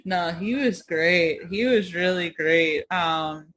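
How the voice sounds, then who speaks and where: A woman's voice: lowish voice, slow pace, fairly bright tone, low-quality recording. New woman co-host, chatty, laughs a lot, swears casually. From New York. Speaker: podcast co-host. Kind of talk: casual chat.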